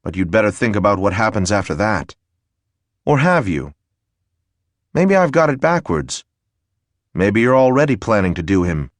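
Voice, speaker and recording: A man's voice: on the low side, very animated, moderate pace, pauses often, no echo. A man reading a sardonic, taunting assassin. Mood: mocking. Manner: dry, mocking. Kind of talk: audiobook character voice.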